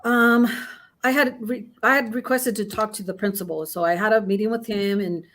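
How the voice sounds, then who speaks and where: A woman's voice: mid-range voice, steady tone, moderate pace, fairly bright tone. A middle-aged woman guest in casual chat, telling a long story with many restarts and fillers. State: has the hiccups.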